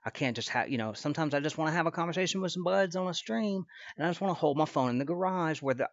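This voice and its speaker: A man streams from his computer, reacting live in a rambling, profane, trash-talking way. His fairly high voice is expressive and quick, picked up by a desk computer mic with no echo but lo-fi sound.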